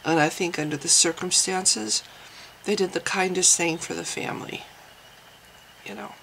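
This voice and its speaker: A woman's voice: on the low side, steady tone, moderate pace, vocal fry, fairly bright tone, a little hiss or hum, rough recording. A woman vlogger giving casual spoken commentary, thinking aloud with frequent restarts and hesitations.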